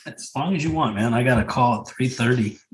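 A man, a business coach, telling stories on a podcast in a lively, casual way, swearing freely and laughing often. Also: mid-range voice, fairly quick. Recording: roomy echo.

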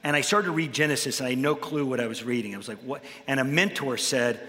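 A man, a pastor, talking about faith and telling Bible stories with lively energy that rises into preaching. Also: mid-range voice, fast, long reverb tail. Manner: animated storyteller, rises into preaching. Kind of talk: conversational faith talk with storytelling.

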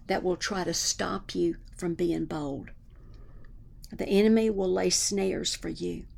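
A woman preaching a sermon with fervor, at times dropping her voice to a hushed whisper for spoken prayers. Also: medium pitch, vocal fry, breathy edge.

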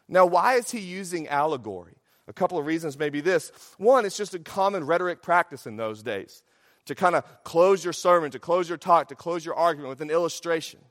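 A man preaching a sermon as a pastor, animated, swinging between loud emphasis and quiet asides, in a church sanctuary. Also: a little high. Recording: long hall reverb.

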